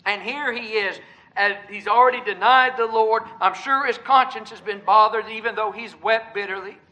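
A man preaching a sermon in an earnest style, swinging between loud emphasis and hushed, quiet passages. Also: high voice, steady tone, normal speed, low-quality recording.

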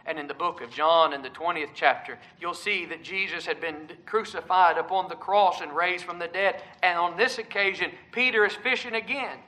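A man delivers a sermon with a strikingly high voice. His tone is bright and tense. He preaches earnestly, climbing to loud emphasis and falling to near-whispered moments. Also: moderate pace, hardly any pauses, rough recording. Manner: earnest preaching, rising to loud emphasis and dropping to hushed tones.

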